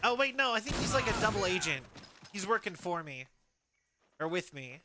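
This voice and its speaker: High, bright-voiced male streamer. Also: sing-song, normal speed, a little hiss or hum. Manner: chatty, joking, many "like" fillers. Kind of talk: casual gaming commentary. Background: game music.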